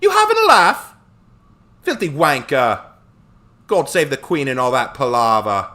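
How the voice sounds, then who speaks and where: A man's voice: medium pitch, very animated, unhurried, bright, forceful tone. A man putting on a crude swearing British schoolboy wizard. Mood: mocking. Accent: put-on thick British.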